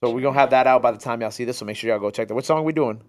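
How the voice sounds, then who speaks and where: A man's voice: medium pitch, racing. A man hosting a casual hip hop interview, laid-back with slang like "word" and "fire". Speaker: interview host.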